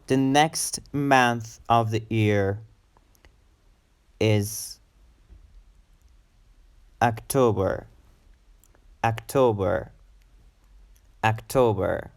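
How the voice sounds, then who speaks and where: A male English teacher leads a pronunciation drill and talks at a slow, unhurried pace. His voice sits in a middle register. He says each word several times in a row for the learner to repeat. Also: mid-range voice. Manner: slow, drilling words with repetition. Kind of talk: pronunciation lesson.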